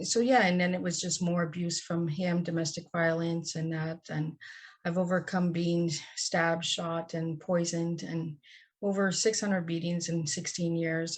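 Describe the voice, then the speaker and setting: A woman guest on a podcast interview, telling her personal story in an earnest, heartfelt and candid way. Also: on the low side.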